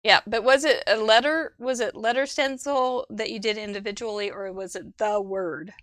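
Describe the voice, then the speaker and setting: A woman's voice: a little high, steady tone, normal speed, a bit bright. A woman with a Midwestern American accent hosting a live crafting show, chatting casually, giggling and thinking aloud. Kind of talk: casual live-stream chat.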